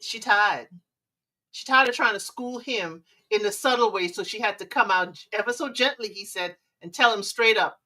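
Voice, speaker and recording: A woman's voice: mid-range voice, normal speed, sharp tone, distant mic. A woman hosting a live stream, giving relationship advice in a sassy way and humming disapproving mm-mm sounds. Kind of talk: casual live commentary.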